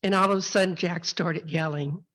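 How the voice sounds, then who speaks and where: A woman's voice: on the low side, fairly even intonation, moderate pace, a bit bright. A woman leading a church service who welcomes the congregation and tells a joke story. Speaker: service leader. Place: church sanctuary.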